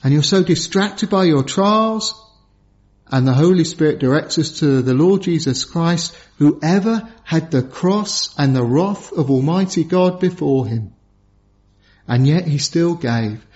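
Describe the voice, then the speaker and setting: Earnest high-voiced man preaching. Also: expressive, measured pace. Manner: earnest, pleading, drops low and soft for emphasis. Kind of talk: sermon. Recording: dull lo-fi sound.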